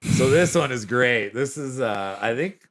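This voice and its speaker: A young man co-hosting a podcast, telling stories in a relaxed, casual way with lots of "like". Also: medium pitch, measured pace. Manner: laid-back storyteller, says "like" often. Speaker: podcast co-host. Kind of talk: casual chat.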